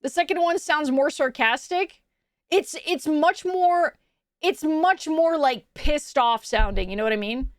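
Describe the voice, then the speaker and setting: A woman's voice: high voice, unhurried, no room sound. Brief: casual woman streamer, laughs a lot, swears freely, dry desk mic.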